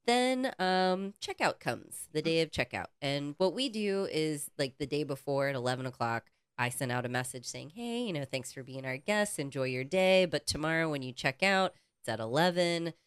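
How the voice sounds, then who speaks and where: Low-voiced woman co-host, clean smooth tone, profane storyteller, dry close mic. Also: normal speed, hardly any pauses, no room sound. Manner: animated, profane, acts out quoted people. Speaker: podcast co-host. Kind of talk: casual storytelling chat.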